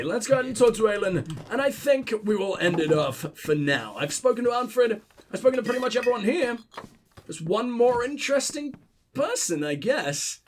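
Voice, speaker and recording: A man's voice: high voice, a little hiss or hum. A young man with a southern English accent, ill, giving sweary, sarcastic, rambling commentary over a game. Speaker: let's play host. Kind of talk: casual gameplay commentary.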